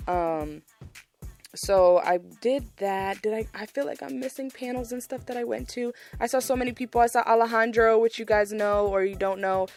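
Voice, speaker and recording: A woman's voice: fairly high pitch, fairly even intonation, normal speed, darkish tone, faint music behind. A young woman hosting her podcast, chatting casually and gushing, repeating words for emphasis. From Massachusetts, USA. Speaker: podcast host. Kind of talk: casual solo podcast recap.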